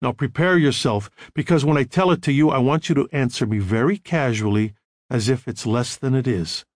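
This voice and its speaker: A man voicing a calm, controlled counselor who gives quiet, measured instructions. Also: medium pitch, dry recording, studio quality, natural voice.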